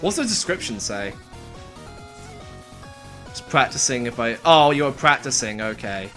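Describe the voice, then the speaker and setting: A livestreamer reacts live in a casual, excitable way, firing off quick exclamations and slang at chat. The voice is medium-pitched, with faint music in the background.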